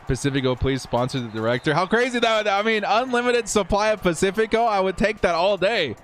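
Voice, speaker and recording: A man's voice: sits high, expressive, brisk, fairly bright tone, soft background music. A young man hosting a live stream, calling a football video game and chatting with viewers in a casual, upbeat way, laughing often and repeating words. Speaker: streamer and host of a football simulation channel. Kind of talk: live stream game commentary with chat replies.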